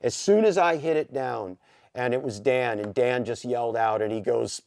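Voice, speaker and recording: A man from the Pacific Northwest, a podcast guest telling an animated story with many "you know" fillers. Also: medium pitch, normal speed, gravelly, no room sound, studio quality. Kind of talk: casual storytelling.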